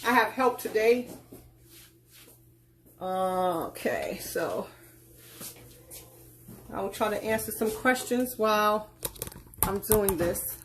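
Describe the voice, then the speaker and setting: A woman's voice: medium pitch, expressive, slow, long pauses, fairly bright tone, a little hiss or hum. A woman hosting a live cooking tutorial, giving folksy, instructive directions and calling her viewers child and girl. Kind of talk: casual live cooking demonstration.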